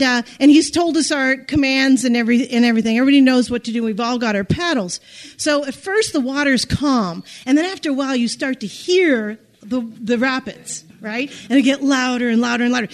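A woman telling a personal story in an animated, self-deprecating way, often restarting her sentences. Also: high voice.

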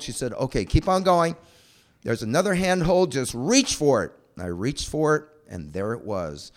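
Lively man telling a personal story. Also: medium pitch. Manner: animated, breathless retelling. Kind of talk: personal anecdote told aloud.

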